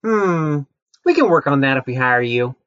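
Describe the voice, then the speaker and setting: A man playing a rude corporate job interviewer in a comedy sketch, brisk, deadpan and condescending. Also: medium pitch, no room sound, muffled recording, natural voice.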